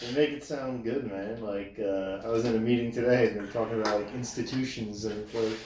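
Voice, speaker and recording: A man's voice: lowish voice, steady tone, fairly quick, reverberant, recorded from a distance, noisy background. A man co-hosting a podcast, ribbing his partner in dry, teasing asides. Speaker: podcast co-host. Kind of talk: casual banter.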